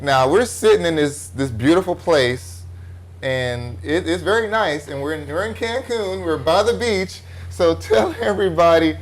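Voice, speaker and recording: A man's voice: fairly high pitch, moderate pace. A man, a missionary hosting the show, telling stories casually and acting out conversations with laughter. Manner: animated, laughing, acts out dialogue. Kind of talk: casual storytelling and interviewing.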